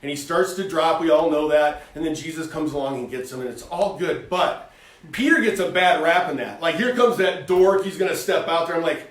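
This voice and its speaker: A man co-hosting a faith talk show, talking in an animated, folksy way and acting out little voices as he preaches. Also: fairly high pitch, brisk, reverberant, far from the mic.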